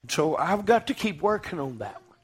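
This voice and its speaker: Male preacher, higher-pitched voice, impassioned sermon with sharp loud-to-soft swings. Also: big pitch swings, fairly quick, breathy edge. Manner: fervent, swings from loud declaiming to hushed.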